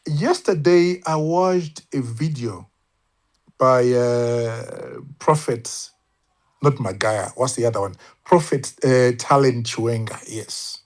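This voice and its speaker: A man's voice: medium pitch, slow. A man speaking on a casual online panel, thoughtful and hesitant, with many fillers and restarts. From Zimbabwe. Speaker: panel guest.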